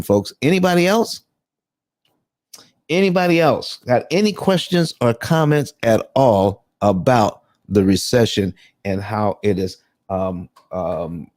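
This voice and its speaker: Low, mellow-voiced man hosting a live room. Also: no room sound, studio quality. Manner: loose and rambling, many restarts and fillers, calls out listeners by name. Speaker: host of a live audio room on paying off mortgages. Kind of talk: casual live room hosting, explaining finance.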